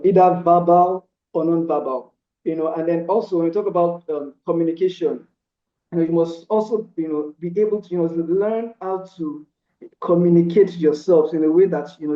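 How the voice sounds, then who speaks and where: A man with a slightly high voice talks through relationship advice in an earnest, casual way. He keeps reaching for "you know" and restarting his sentences. The recording sounds roomy and a little dull.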